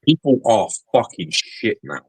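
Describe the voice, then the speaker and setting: A middle-aged man co-hosting a podcast, ranting and telling stories in a sweary, animated way. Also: mid-range voice, measured pace, a loud crowd, low-quality recording. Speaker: podcast co-host. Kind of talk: casual chat.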